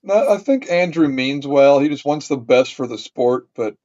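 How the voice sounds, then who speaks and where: A man's voice: mid-range voice, animated, normal speed, mellow. A man with a West Virginia accent, easygoing in casual podcast chat. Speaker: podcast co-host. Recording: dull, muffled sound.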